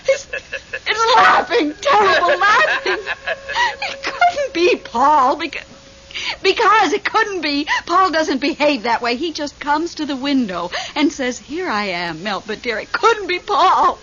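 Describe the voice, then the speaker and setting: An actress playing a lonely, nervy widow in an old radio drama, talking in a fretful, breathless way. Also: female voice, high-pitched, sing-song, unhurried, bright, forceful tone, full character voice. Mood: frightened. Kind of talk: 1970s radio drama acting. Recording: muffled old radio broadcast, faint hiss.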